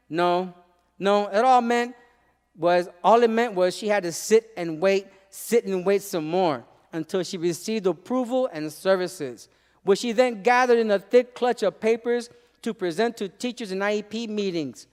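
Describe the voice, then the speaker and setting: Poet performing live: a man with a smooth, resonant voice, emphatic, mixing in Spanish, hall reverb around him. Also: high-pitched, moderate pace, a little mellow. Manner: emphatic storytelling, laced with Spanish phrases. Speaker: poet and former teacher. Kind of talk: spoken-word performance. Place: live arts venue.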